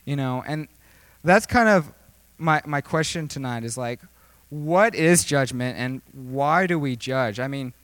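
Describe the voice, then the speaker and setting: A man's voice: medium pitch, a little slow, a bit bright, no echo. A young man preaching a casual, joking sermon, rambling with lots of fillers. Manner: rambling, filler-heavy, jokey. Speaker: youth preacher.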